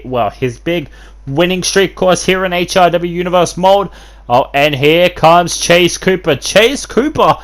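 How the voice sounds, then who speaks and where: Male wrestling commentator, a bit high-pitched; filler-heavy, rambling calls with bursts of excitement. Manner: rambling, constant fillers and restarts, bursts of hype. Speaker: host and play-by-play commentator.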